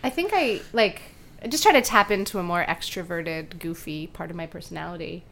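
A woman co-hosting a podcast in casual chat, animated and quick to laugh. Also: on the low side, creaky. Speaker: podcast co-host.

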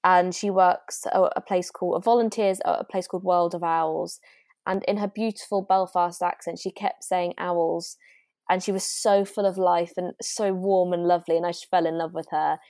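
A woman's voice: on the low side, fairly even intonation, moderate pace, a little mellow, no room sound, clean studio sound. A woman co-hosting a podcast, chatting casually and gushing enthusiastically about shows. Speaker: podcast co-host. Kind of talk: casual chat.

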